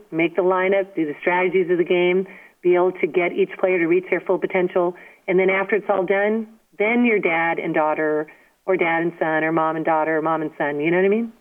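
Emphatic woman on a tinny phone line. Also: lowish voice. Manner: animated, emphatic, frequent "you know what I mean". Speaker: guest, former softball player. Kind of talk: storytelling interview.

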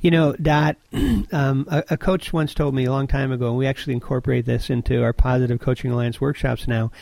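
A man hosting a podcast interview, responding in a thoughtful, measured way. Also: mid-range voice, little pitch movement, creaky, darkish tone, no room sound. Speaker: podcast host. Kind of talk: interview conversation.

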